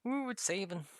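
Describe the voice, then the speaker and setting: Casual streamer, bright voice, dry close sound, loose rambling chat with plenty of swearing. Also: medium pitch, no room sound. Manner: rambling, self-mocking, swears freely; laughs often. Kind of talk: casual livestream chat while drawing maps.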